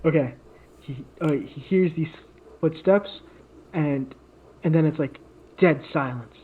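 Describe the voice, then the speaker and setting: A man co-hosting a podcast rambles through an improvised story in casual chat, with many fillers and restarts. His voice is slightly high and husky, and he takes his time. The audio is tinny.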